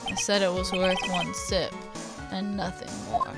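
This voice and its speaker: A woman voicing a cool, sardonic male prosecutor, speaking dryly and teasingly over loud game music. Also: lowish voice, flat delivery, unhurried, creaky, voice pushed down. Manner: dry, teasing.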